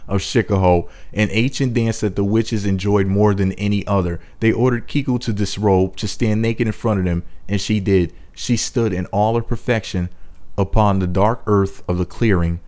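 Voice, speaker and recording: A man's voice: fairly low pitch, fairly even intonation, moderate pace, a little mellow. A man reading a spooky story aloud, mock-dramatic, with crude joking asides.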